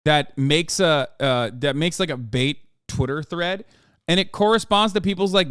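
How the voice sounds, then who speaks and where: On a casual livestream, an exasperated streamer rants about posts, swearing and hammering each point with a demanding "okay?" His high voice is smooth, clear and a bit bright, recorded close and dry with no room sound at all.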